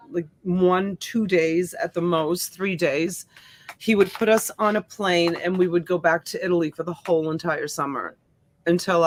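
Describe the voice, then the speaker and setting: A woman's voice: fairly low pitch, no room sound. Chatty woman hosting a livestream. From born in Sicily, raised in the US. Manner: chatty, greets viewers warmly by name. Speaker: livestream host. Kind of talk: casual livestream chat. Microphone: desk USB mic.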